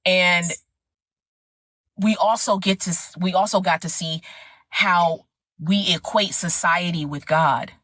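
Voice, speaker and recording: A woman's voice: lowish voice, takes it slowly, long pauses, dry recording. Emphatic middle-aged woman, dry close sound. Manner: animated, emphatic storytelling. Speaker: guest. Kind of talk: personal testimony in conversation.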